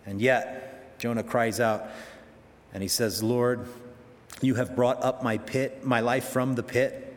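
A man's voice: medium pitch, steady tone, takes it slowly, big-room sound. A man preaching a sermon, conversational and emphatic, full of rhetorical questions.

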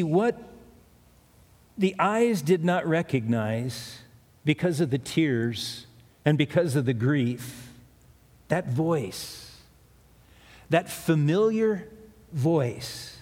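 Middle-aged male pastor, a touch higher-pitched than most men, chatty storytelling sermon, long church-hall reverb. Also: darkish tone. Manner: conversational storytelling preaching with asides.

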